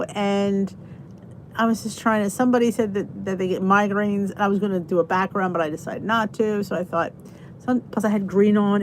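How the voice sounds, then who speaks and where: A woman hosting a casual live stream, chatting in a rambling, easygoing way and breaking off to greet her viewers. Her voice sits at an ordinary middle pitch. A faint hum of noise is heard behind her. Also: a little mellow. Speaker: host of a live stream chat.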